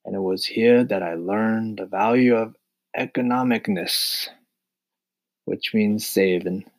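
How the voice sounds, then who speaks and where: A man's voice: lowish voice, takes it slowly, voice pushed up. A fussy, stingy mouse whines in a lifted, theatrical voice, as a male reader puts him on. He speaks in a flowery, self-pitying manner, milking every line. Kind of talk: audiobook character voice.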